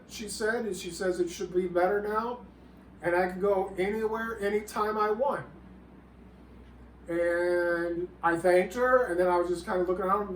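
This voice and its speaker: A man with a fairly high voice performs a rambling, halting comedic monologue, politely addressing his listener as sir. He sits far from the mic in a roomy, echoing space with a faint ambient hum behind him.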